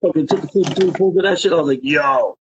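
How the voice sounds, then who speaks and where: A man's voice: fairly high pitch, fast talker, slight background noise. A man telling rambling, profane stories as an interview guest. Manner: profane, rambling, animated storyteller. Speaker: interview guest, graffiti writer. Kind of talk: casual storytelling interview. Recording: dry, dull lo-fi sound.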